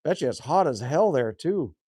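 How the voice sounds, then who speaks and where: Chatty Canadian man, a little hoarse. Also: a little high, animated, moderate pace, dark tone, no room sound, studio quality. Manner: folksy, chatty, drops "hey?" and "man". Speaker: livestream host reading chat. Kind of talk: casual live chat. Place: rural cabin indoors.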